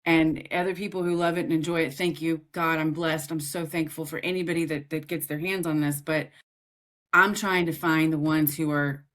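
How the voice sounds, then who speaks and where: A woman's voice: deep voice, moderate pace. A woman guest on a podcast, an author and grief coach, telling her story candidly and with feeling, often laughing as she talks. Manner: emotional, animated, laughs while talking.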